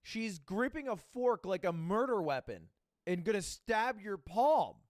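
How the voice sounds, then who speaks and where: A man giving casual, joking commentary on videos, expressive and swearing freely. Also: high-pitched, a little slow, no echo, studio quality. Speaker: reaction video creator.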